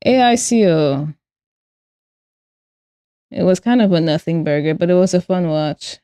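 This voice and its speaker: Playful young woman streamer, lively voice. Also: fairly low pitch, measured pace, long pauses, smooth, no room sound, studio quality. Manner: playful, giggly, talks to chat. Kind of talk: casual live-stream chat while drawing.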